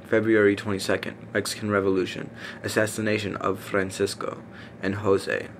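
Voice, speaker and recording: Low-voiced man reading haltingly. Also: flat delivery, creaky. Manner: halting, stumbles over names with fillers and self-corrections. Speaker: reader. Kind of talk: casual reading aloud. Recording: faint background noise.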